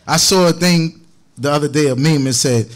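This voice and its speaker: Upbeat male preacher, joking, laughing, fairly high voice. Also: normal speed. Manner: playful, laughing, chatty. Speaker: congregation teacher. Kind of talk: joking sermon talk.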